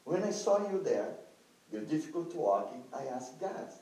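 Echoey, animated man telling a testimony. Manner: halting non-native English, jumps to high excited exclamations. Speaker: evangelist sharing a testimony. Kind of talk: animated testimony to a listening audience. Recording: echoey room, picked up from a distance, faint noise.

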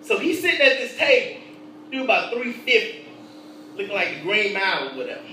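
A male preacher with a very high, bright and forceful voice tells his story with animated, laughing energy. He drops to a hush, then rises loud again. The sound is roomy and a little distant, as if caught from across a church hall. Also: brisk, a little hiss or hum. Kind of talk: storytelling sermon.

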